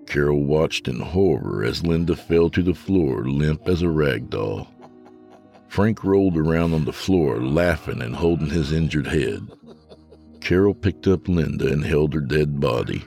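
A man narrating a horror story in a slow, grave storyteller's manner. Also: a bass voice, gravelly, a little mellow.

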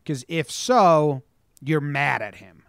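A young man co-hosting a podcast in casual sports chat, talking in an animated, storytelling way and swearing freely. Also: fairly high pitch, takes it slowly, vocal fry, clean tone, no room sound, studio quality. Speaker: podcast co-host.

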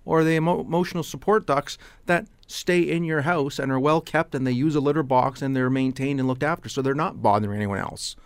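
A man's voice: medium pitch, brisk, hardly any pauses, smooth, no room sound. A man co-hosting a radio talk show, rambling and restarting his thoughts in casual banter. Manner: rambling, restarts often, agreeable. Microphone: studio microphone.

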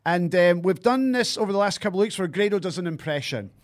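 A man's voice: high-pitched, animated, fast talker. A Scottish man hosting a football podcast, reading sponsor details and weekend results. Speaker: podcast host. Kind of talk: casual podcast chat and sponsor read.

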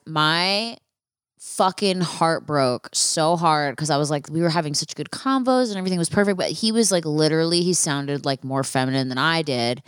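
A woman's voice: sits low, smooth, dry recording, clean studio sound. A young woman hosting a solo podcast, telling a story in a frank, casual way with plenty of swearing and fillers. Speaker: podcast host.

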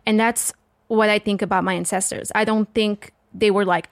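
Animated Portuguese-accented woman storyteller. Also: medium pitch, normal speed, dry recording. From southern Portugal. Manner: animated storyteller acting out quotes. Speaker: guest comedian. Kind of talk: casual podcast chat.

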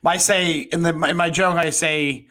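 A man's voice: fairly high pitch, steady tone, moderate pace, pushed and bright. A man co-hosting a comedy podcast, chatting casually, laughing often and jumping from one topic to the next. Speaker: podcast co-host.

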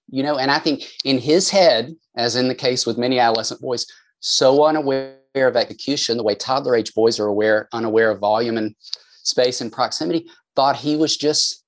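A man's voice: mid-range voice, moderate pace. A man, a counselor and author, speaking in an earnest, explanatory way during a podcast conversation. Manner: earnest, explanatory, many "I think" qualifiers.

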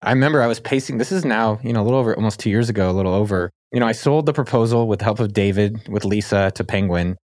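A man hosting a podcast, talking in an upbeat, excitable, salesy way, then chatting casually with his guest. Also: very fast, hardly any pauses, dry recording, studio quality. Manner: upbeat, salesy, excitable delivery with sudden pitch jumps. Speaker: podcast host. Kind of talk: energetic podcast intro and casual interview.

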